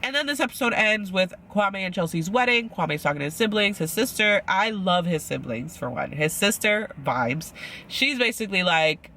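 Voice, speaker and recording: A man's voice: sits high, lively intonation, normal speed, pushed and bright, slight background noise. A man chatting casually as he recaps a reality show, rambling with lots of "like" and acting out quotes. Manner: chatty and rambling, heavy use of "like", acts out quotes.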